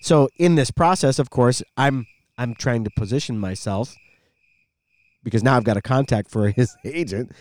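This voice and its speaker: A middle-aged man co-hosting a podcast, an animated storyteller who used to be a radio voice guy, chatting casually. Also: medium pitch, moderate pace, no echo. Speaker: podcast co-host.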